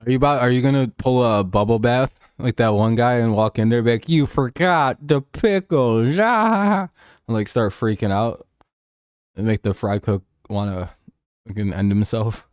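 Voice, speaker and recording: A man's voice: lowish voice, fairly even intonation, fairly quick, darkish tone, clean tone, dry recording, clean studio sound. A young man hosting a casual livestream while watching football, joking, swearing and laughing often. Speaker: livestream host. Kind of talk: casual livestream chat over a football game.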